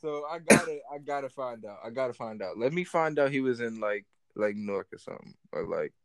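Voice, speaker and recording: A man chats loosely on a podcast, jumping from low mutters to sudden excited yelps. He jokes around, swears freely and trips over repeated words. The sound is close and dry, with no room around it. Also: brisk, no echo. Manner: animated, swears freely, repeats himself, jokey. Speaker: podcast co-host. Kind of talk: casual chat.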